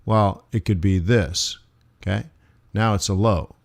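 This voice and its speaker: A man teaching forex on a live stream, thinking aloud over charts with playful asides and sudden animated bursts. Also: on the low side, normal speed. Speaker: forex trading instructor. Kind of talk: live trading stream commentary.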